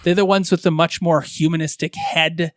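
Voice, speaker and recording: A man's voice: a little high, level tone, normal speed, dry recording, clean studio sound. A man co-hosting a casual fan podcast, carefully tallying figures and explaining them at length. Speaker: podcast co-host.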